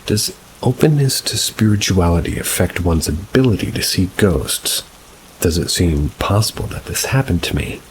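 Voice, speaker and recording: A man reading reader-submitted paranormal stories as scripted narration, at a slow, measured pace. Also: low-pitched, expressive, slight background noise, poor audio. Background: rain.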